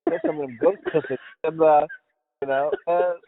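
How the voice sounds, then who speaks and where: A man's voice: on the high side, normal speed, slight background noise. Rambling crude man, tinny sound. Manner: rambling, laughs often, crude jokes. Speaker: podcast co-host. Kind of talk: crude casual banter.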